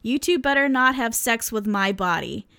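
A woman's voice: on the high side, lively intonation, moderate pace, vocal fry, sharp tone, clean tone, exaggerated voice. A woman reading aloud the lines of an exasperated young man who is fed up and horrified. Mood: indignant. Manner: raised, indignant outbursts.

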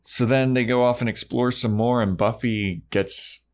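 A man's voice: mid-range voice, fairly even intonation, moderate pace. A man co-hosting a podcast, casually recapping a TV episode and acting out the characters' lines. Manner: laid-back, acts out lines from the episode. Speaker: podcast co-host.

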